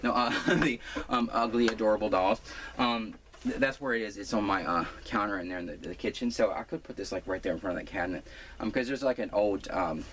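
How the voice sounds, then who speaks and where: Man, home crafting vlogger, low voice, rambling and self-mocking, noticeable background noise. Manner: rambling, full of fillers and restarts; self-deprecating. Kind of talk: casual rambling vlog. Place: room at home. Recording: noisy home recording.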